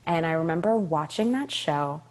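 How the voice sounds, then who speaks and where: A woman in her twenties, a Broadway actress, telling stories in a casual interview, animated and emphatic, repeating phrases for effect and laughing often. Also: deep voice, normal speed. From California. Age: 20s.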